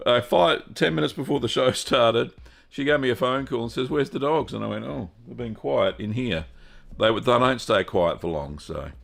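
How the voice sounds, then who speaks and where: A man with an Australian accent hosting a live stream, greeting viewers one by one in a relaxed, chatty way. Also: low-pitched, vocal fry. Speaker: host of a cheese-making livestream. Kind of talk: casual live-stream chat.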